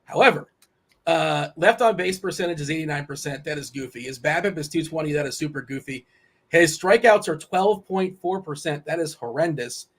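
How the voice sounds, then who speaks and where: Playful man hosting, slightly higher voice. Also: fairly bright tone, slightly rough. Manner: playful, teasing, rattles off lineups. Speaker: host. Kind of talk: casual sports betting chat.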